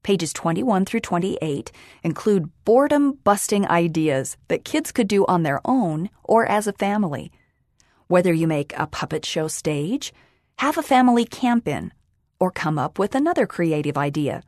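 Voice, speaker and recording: A woman reads a children's magazine aloud in a calm, even way. Her voice sits fairly low for a woman. The recording is dry and close. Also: moderate pace, no room sound. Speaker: magazine reader. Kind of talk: scripted audio magazine reading.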